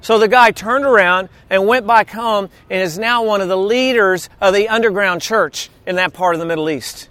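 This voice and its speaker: A man's voice: high-pitched, fairly bright tone, no room sound. A man preaching a sermon in a conversational, storytelling way, mixing humor into scripture reading. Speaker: pastor.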